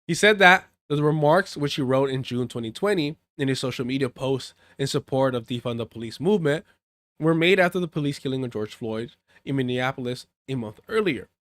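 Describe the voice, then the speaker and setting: A man's voice: mid-range voice, a bit bright, dry recording. A man doing live political commentary, reading news aloud and breaking into heated, profane rants, now and then dropping Spanish phrases. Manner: profane, heated rants between read-out articles.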